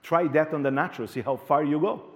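A male pastor preaching a sermon in an animated way, repeating words and joking with the congregation. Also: on the high side, fast, a little hiss or hum.

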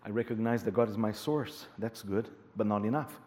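A male pastor preaching a sermon in an animated way, repeating words and joking with the congregation. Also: fairly low pitch, normal speed.

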